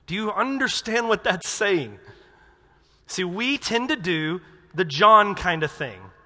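A pastor preaching a sermon to his church, animated, acting out quotes with sudden loud outbursts. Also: high voice, takes it slowly. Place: church auditorium. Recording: reverberant church hall.

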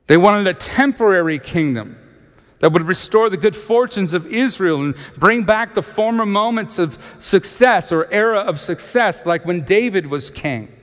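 A male pastor with a slightly high voice preaches, reading scripture and retelling it with lively storytelling and acted-out character voices, his sound carrying a big-room quality.

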